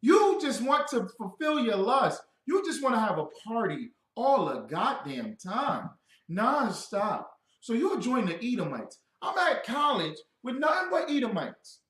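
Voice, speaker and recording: A man giving a loud, joking scripture lesson who quizzes his listeners. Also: very high-pitched, very animated, measured pace, echoey room. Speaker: scripture teacher. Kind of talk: animated scripture breakdown.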